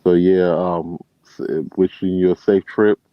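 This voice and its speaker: A man's voice: low voice, measured pace, dry recording. A man from Chicago with a Chicago accent, chatting casually as a regular caller and telling road stories with plenty of fillers. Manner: relaxed storyteller, many fillers. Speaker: truck driver and regular caller. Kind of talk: casual chat. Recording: muffled, dry phone-like sound.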